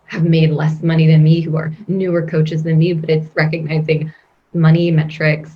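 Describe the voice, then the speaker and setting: A woman guest coach talking in a casual podcast interview, expressive and rambling, laughing often. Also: low-pitched, normal speed, dull audio.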